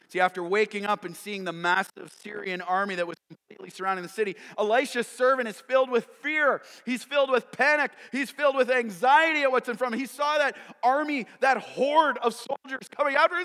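A man preaching a sermon as pastor, swinging from hushed whispers to loud shouts and acting out characters playfully. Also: high-pitched, fairly quick. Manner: dynamic preaching, dropping to whispers and rising to shouts; acts out characters in playful voices. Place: church sanctuary. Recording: long reverb of a large hall.

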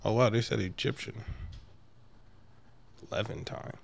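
A man's voice: on the low side, steady tone, unhurried, creaky, a little hiss or hum. A man co-hosting a podcast in casual chat, laid-back and steering the talk along. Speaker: podcast co-host.

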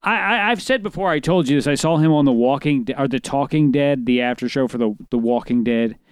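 A man's voice: mid-range voice, brisk, smooth, dry recording, studio quality. A man co-hosting a casual chat show, joking crudely and reading news stories aloud. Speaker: podcast co-host.

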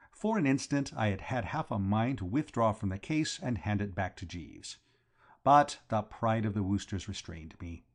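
A man reading a comic novel aloud as an audiobook narrator, with expressive character narration. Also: on the low side. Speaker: audiobook reader.

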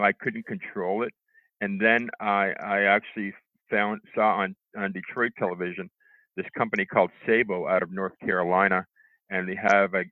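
A middle-aged man telling how he recovered from a stroke, halting, with lots of restarts and fillers. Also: lowish voice, no echo. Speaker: stroke survivor interviewee. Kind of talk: telling his own recovery story. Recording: tinny phone line, dry.

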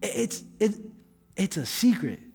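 A man's voice: high-pitched, big pitch swings, a little slow, vocal fry, dark tone. A male guest pastor preaching a sermon in a conversational way, with joking asides. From Cuba. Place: church hall. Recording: long hall reverb with faint music.

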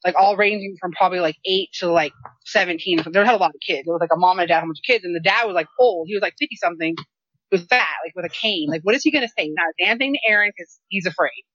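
Woman co-host, casual storyteller, expressive and profane, dry lo-fi sound. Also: fairly low pitch, fast talker, dry recording. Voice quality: animated, profane, exasperated. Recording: dry, slightly dull lo-fi sound.

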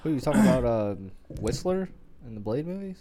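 A man's voice: medium pitch, big pitch swings, fairly quick, warm tone. A man co-hosting a movie podcast, making laid-back, slangy, contrarian remarks in casual chat. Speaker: podcast co-host.

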